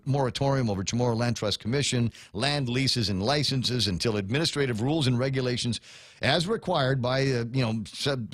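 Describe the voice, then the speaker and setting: A man hosting a talk radio show, ranting in an animated, conversational way. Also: mid-range voice, no echo, clean studio sound.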